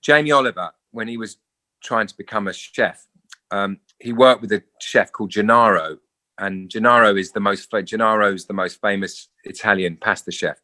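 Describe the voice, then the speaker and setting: English man, middle-aged, bright forceful voice, lively storyteller, slightly low pitch. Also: moderate pace. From England. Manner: animated storyteller, acts out quoted voices. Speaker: guest actor. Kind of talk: casual interview.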